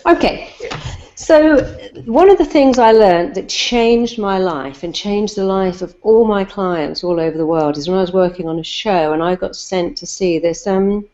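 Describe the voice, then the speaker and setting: A woman's voice: mid-range voice, measured pace, dark tone, lo-fi sound. A middle-aged English woman, a therapist, giving earnest, emphatic advice through anecdotes and repeating her key phrases. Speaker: therapist guest. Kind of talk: advice and anecdotes in a talk show.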